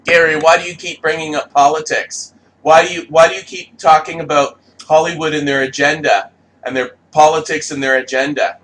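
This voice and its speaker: A man's voice: medium pitch, fairly even intonation, brisk, a bit bright, a little hiss or hum, voice pushed up, natural voice, rough recording. A man voicing a nagging critic, mocking him with whiny, repetitive questions. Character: nagging, exasperated male critic of his videos.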